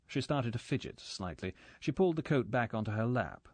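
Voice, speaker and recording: A man's voice: mid-range voice, expressive, brisk, a little mellow, husky, dry recording. Man narrating a spy thriller. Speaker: audiobook narrator. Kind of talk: scripted narration.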